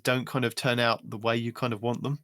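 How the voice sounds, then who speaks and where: A man hosting a podcast in casual chat, with dry, teasing humor. He speaks in a middle pitch, and the recording is close and dry with no room sound. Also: flat delivery, brisk, fairly bright tone, no room sound. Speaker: podcast host.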